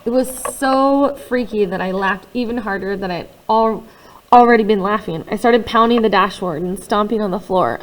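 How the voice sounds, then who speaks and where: Expressive woman reading a first-person novel. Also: mid-range voice, poor audio. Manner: expressive, swinging between hushed and loud. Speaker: audiobook reader.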